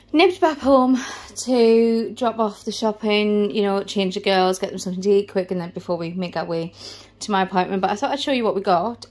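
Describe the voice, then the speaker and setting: A woman's voice: mid-range voice, a little mellow. A British woman in her thirties, out of breath, chatting casually through a family shopping haul. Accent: British English. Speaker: family vlogger. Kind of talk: casual vlog chat.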